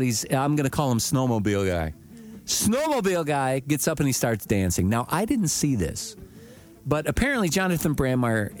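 A man telling a story in casual chat, swearing freely and acting out what people said. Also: on the high side. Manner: profane, animated, acts out quotes.

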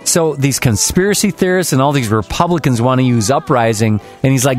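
A man's voice: mid-range voice, expressive, normal speed, hardly any pauses, soft background music. A man co-hosting a casual, jokey talk show, reading news items aloud with asides. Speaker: co-host. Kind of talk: casual radio-style banter.

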